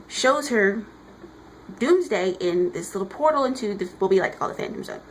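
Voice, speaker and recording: A woman giving an excited, casual comic review while standing, often restarting her sentences. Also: medium pitch, slight background noise, rough recording.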